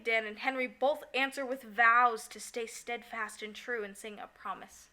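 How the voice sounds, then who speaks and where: A woman co-hosting a podcast in casual chat, recapping a musical with lots of giggling and quick acted-out lines. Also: on the high side. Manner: giggly, animated, acts out characters in quick asides. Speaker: podcast co-host.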